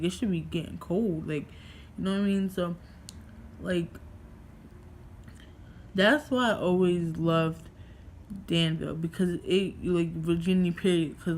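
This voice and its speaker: A woman's voice: lowish voice, slight background noise. A young woman from New York vlogging casually at home, rambling through a story with lots of fillers and swearing.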